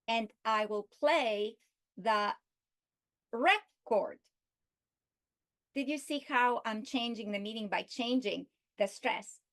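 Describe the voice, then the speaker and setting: A woman giving a recorded literacy lesson, speaking slowly and deliberately and stressing each example word. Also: fairly high pitch, vocal fry. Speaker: teacher.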